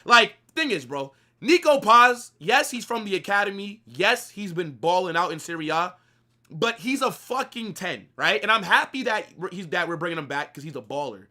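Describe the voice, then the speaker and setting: A young man, co-hosting a live football watch-along, opinionated and animated, swearing casually and dropping slang. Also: high-pitched, moderate pace.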